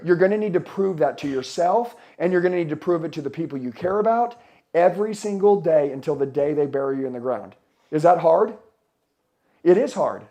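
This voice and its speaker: A man's voice: sits high, warm tone. A middle-aged man giving a blunt, profane motivational speech to a live audience at a conference, firing questions at the crowd. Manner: blunt, swearing, fired-up, asks the crowd questions. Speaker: motivational speaker.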